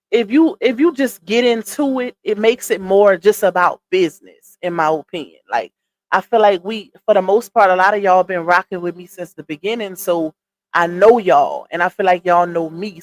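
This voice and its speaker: Southern woman in her thirties, talkative live stream host, chats with viewers casually. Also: mid-range voice. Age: 30s. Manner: chatty, shouts out viewers by name, reads comments aloud; laughs often, Southern slang like "child" and "y'all".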